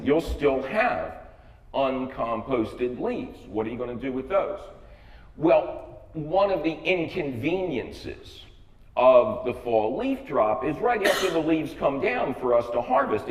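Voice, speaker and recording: An older American man giving a humorous public talk, with a wry, joking and emphatic delivery. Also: medium pitch. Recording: echoey hall, voice from far off.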